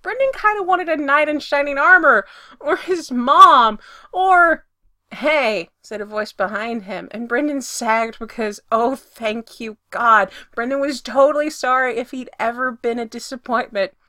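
A woman narrating a story with a lively, expressive delivery that swells when the action heats up. Her voice is bright and a little high, and the recording is dry and close, with no room sound. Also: a little slow, dry recording. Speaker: reader.

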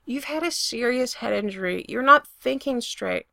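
A woman voicing a gentle, sad young man who speaks softly and hesitantly. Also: fairly high pitch, expressive, moderate pace, creaky, dry recording, full character voice. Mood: careful sad.

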